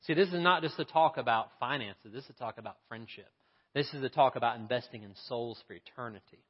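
A man telling a story in a sermon, lively and acting out the voices of its people. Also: mid-range voice, fast, slightly rough, big-room sound, dull audio. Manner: animated, acts out the voices in his story. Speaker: preacher.

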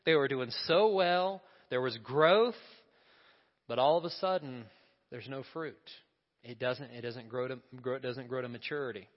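A man's voice: mid-range voice, moderate pace, lo-fi sound. Man preaching in a reverberant hall. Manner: conversational preaching with questions and asides to the congregation. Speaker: pastor. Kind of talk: sermon.

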